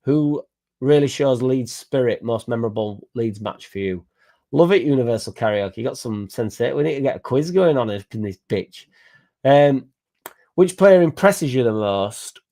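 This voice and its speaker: A young man, hosting a fan channel in casual live-stream chat, rambling and excitable with sweary banter. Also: medium pitch, normal speed. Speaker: football fan channel host.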